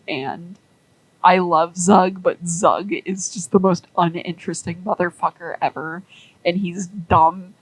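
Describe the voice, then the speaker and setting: Over poor audio, a woman with a fairly low, slightly rough voice rambles through a story in casual conversation. She says "like" a lot and acts out the people she quotes.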